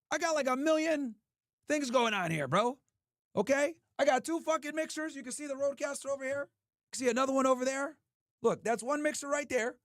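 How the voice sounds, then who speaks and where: A man's voice: very high-pitched, fairly bright tone, no echo, clean studio sound. A man hosting a livestream in casual talk, profane and ranting as he answers his chat. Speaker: streamer host.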